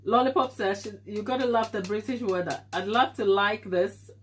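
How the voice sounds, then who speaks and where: A woman from Africa, her nose stuffy, chats casually with viewers and laughs often while baking live from her home kitchen. She speaks at a medium pitch and a moderate pace.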